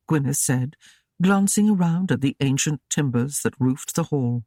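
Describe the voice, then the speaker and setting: Audiobook narrator, scripted narration, steady even delivery, mid pitch, close dry studio mic. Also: moderate pace, no room sound.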